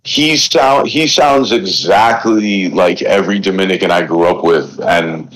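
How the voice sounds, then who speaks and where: A man from the Bronx with a New York accent, a podcast guest, who talks in a rambling, profane way with many restarts while high. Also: unhurried, fairly bright tone, a little hiss or hum, rough recording. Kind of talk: casual chat.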